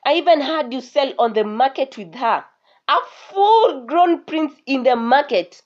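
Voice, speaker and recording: A haughty queen mother, incredulous and reproachful toward her son, as a woman storyteller does her. The voice is fairly high, and the recording is dull. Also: expressive, measured pace. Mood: scolding.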